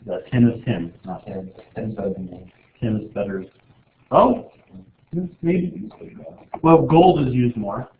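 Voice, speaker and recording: A man's voice: medium pitch, lively intonation, measured pace, long pauses, a little hiss or hum. A man teaching a chemistry class in a casual, joking way, rambling with lots of filler words. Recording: echoey room over a tinny, phone-like line.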